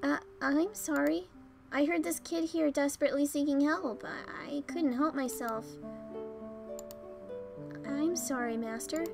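A gentle young doll boy, as a woman reads him aloud from a visual novel speaks in a soft, hesitant way and stumbles over his words. The voice sits high and light, with quiet game music in the background. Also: measured pace, gravelly, pauses often. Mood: apologetic. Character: gentle young male doll companion, apologetic.

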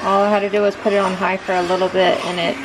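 A woman's voice: mid-range voice, flat delivery, quick pace, very noisy. A woman and mother casually talking through her cooking step by step in a home kitchen vlog. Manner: chatty, talks through each cooking step. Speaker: vlogger and mother.

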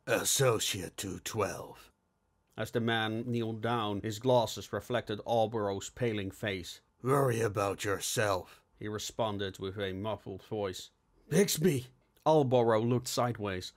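Brief: male narrator for a steampunk audiobook, deliberate and dramatic delivery. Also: medium pitch. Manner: slow, measured, dramatic reading.

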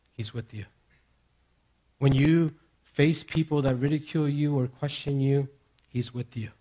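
A man preaching a sermon as pastor, moving between raised, emphatic declarations and hushed, near-whispered reassurances. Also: mid-range voice.

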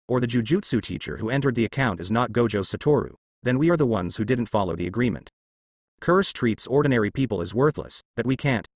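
Lively, dry-voiced male story narrator. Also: mid-range voice, dry recording. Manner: even, unbroken reading with no fillers or slips. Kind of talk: scripted narration of a translated fan novel.

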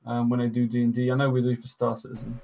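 A man with a rough, gravelly edge to his voice hosts a tabletop game stream. He speaks casually and loosely, stacking ums and restarts as he wraps up. His pitch sits at an ordinary middle height. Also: monotone, fast, highs cut off, a crowd in the background. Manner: rambling, many ums and restarts. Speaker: dungeon master and stream host. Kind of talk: casual stream sign-off chat.

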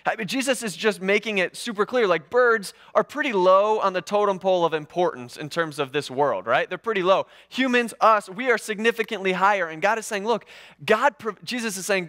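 A man preaching a sermon in a casual, conversational way, with animated, sarcastic asides. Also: sits high, fairly quick. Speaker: pastor. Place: church.

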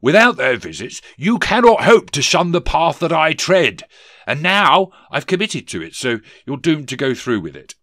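A pompous, bumbling male ghost drags his chains and blusters, stammering over his words. He booms a little above the storyteller's usual voice, with a loud, bouncing delivery as a man reads him. The sound is dry and close. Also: big pitch swings, normal speed, dry recording. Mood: blustering.

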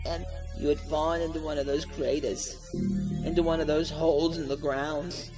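An actor playing a husband unraveling with fear in a radio horror drama, talking frantically and then hollow and defeated. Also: male voice, on the high side, flat delivery, normal speed, over music, close to an everyday voice. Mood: haunted. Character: husband driven mad with fear, adult man.

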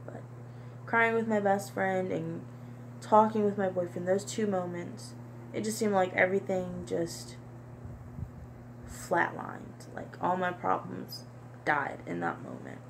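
A young woman vlogger talking to camera in a halting, repetitive, soft-spoken confessional monologue. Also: lowish voice, fairly even intonation, vocal fry, background noise. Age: young adult.

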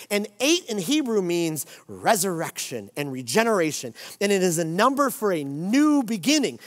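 A man in his forties preaches with a lively, rising and falling voice that sits a bit high for a man. He drives his points home through repetition, and his voice rings with a long church-hall reverb. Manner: emphatic preaching with repeated declarations. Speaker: pastor. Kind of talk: sermon. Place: church sanctuary.

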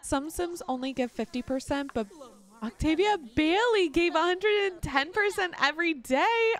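A young woman giving excited, gushing gameplay commentary, laughing often. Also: extremely high pitch, a little slow, a crowd in the background. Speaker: let's play host.

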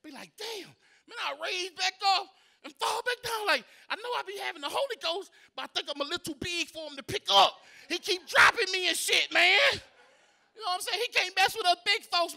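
A man's voice: very high-pitched, fast talker, vocal fry, bright, forceful tone. A man performing a profane, punchy stand-up set on a comedy club stage, full of loose asides.

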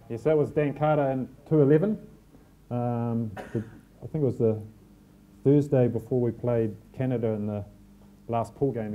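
Relaxed New Zealand man telling stories. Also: mid-range voice, a little hiss or hum. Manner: relaxed storytelling, self-deprecating humour. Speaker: team manager giving a talk. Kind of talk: live talk to an audience. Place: packed function room.

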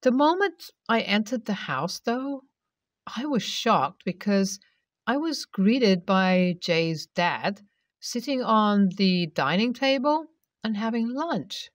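A woman narrating a first-person story aloud at a steady reading pace. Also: medium pitch, takes it slowly, no room sound, studio quality, distant mic.

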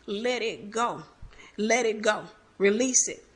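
A woman preaching a personal testimony, fervent and exhorting her listeners, repeating key phrases. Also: fairly high pitch. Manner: fervent, exhorting the listeners, quick bursts then slow emphatic lines. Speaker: Christian ministry teacher.

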